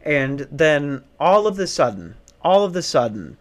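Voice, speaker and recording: A man's voice: fairly high pitch, very animated, a little slow. A young man ranting casually in a back office, profane, sarcastic and exasperated. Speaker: comedic ranter. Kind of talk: casual comedic rant.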